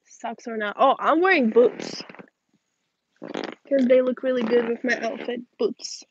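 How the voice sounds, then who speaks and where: A young woman, tired and yawning, reading viewer questions aloud and chatting back in a relaxed way on a livestream outdoors. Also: fairly high pitch, measured pace, slightly rough, lo-fi sound. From Russian-speaking family. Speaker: livestream host. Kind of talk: casual livestream chat reading comments.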